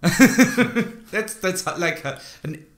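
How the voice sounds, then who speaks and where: A man's voice: high-pitched, animated, very slow, a bit bright. A man hosting a podcast in casual chat, rambling and joking, often trailing off mid-sentence. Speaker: podcast host.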